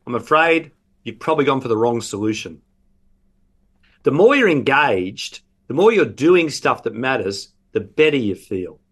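A man's voice: mid-range voice, a bit bright. An Australian man, a professor, explaining his research as a guest in a radio interview and acting out imagined patients as he goes.

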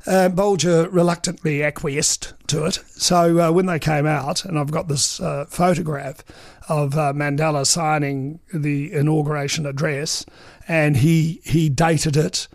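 A gravelly-voiced New man in his sixties spins long anecdotes, peppering them with ums and uhs. His voice sits a touch high for a man, and the sound is close and dry with no room around it. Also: fairly even intonation, a little slow, no room sound. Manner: chatty, full of ums and uhs, acts out quoted dialogue. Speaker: veteran political journalist. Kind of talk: anecdotal interview storytelling.

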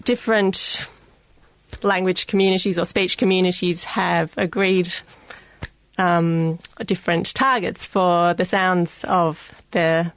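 A woman's voice: lowish voice, little pitch movement, slow, no room sound. A woman with an Australian accent, a guest on a radio science show, explaining carefully with many ums. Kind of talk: radio studio interview. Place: radio studio.

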